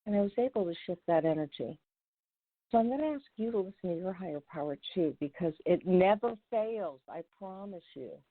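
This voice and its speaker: A fairly low-pitched woman speaks over a thin, tinny phone-line radio connection. She hosts a recovery coaching show and tells personal stories in an earnest, chatty way. Her voice sits dry and close, with no room around it. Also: fairly quick, no echo. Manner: earnest, conversational, animated when retelling. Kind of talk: radio talk with personal storytelling.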